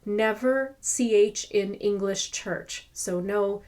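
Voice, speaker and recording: Slow, patient woman teaching pronunciation. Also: mid-range voice, steady tone, a little mellow. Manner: repeats sounds slowly, demonstrating each one. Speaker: language teacher.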